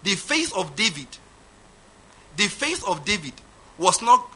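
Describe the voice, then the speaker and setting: A man preaching a sermon, emphatic, swinging from loud declarations to quiet asides. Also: high voice, very animated, a little slow, slight background noise. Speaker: pastor.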